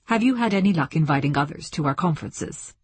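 A woman's voice: low voice, animated, fast talker, husky, no echo, full character voice. A woman reading a polite, formal male scholar.

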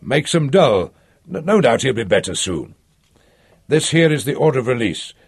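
A man voicing an officious, self-confident prison lieutenant in an audiobook reading, brisk and fawning. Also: medium pitch, big pitch swings, vocal fry, husky, voice pushed up, heavily acted. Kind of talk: audiobook character voice.

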